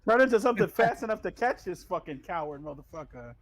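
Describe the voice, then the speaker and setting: Brash man with a high, lively voice. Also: fast talker. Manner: brash, swears a lot. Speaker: player. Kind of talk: casual tabletop play.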